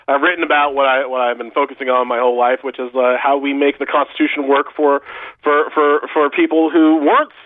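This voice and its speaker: A man's voice: medium pitch, flat delivery, a little fast, no echo. A man with a Long Island New York accent, telling a story as a guest on a radio show, rambling and restarting sentences. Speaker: guest author. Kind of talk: casual radio conversation. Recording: tinny phone line.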